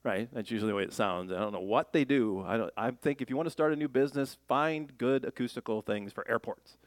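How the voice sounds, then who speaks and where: A man preaching a sermon in a lively, joking way, slipping into playful voices as he makes his points. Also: mid-range voice, quick pace, dry recording. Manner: animated, jokey preaching with playful voices and laughs. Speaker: pastor.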